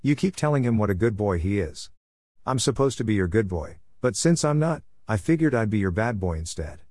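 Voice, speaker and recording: A man's voice: fairly low pitch, animated, fairly quick, darkish tone, dry recording, studio quality. A man voicing a bratty, pompous, spoiled young man who sneers and pouts in a story reading. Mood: sneering.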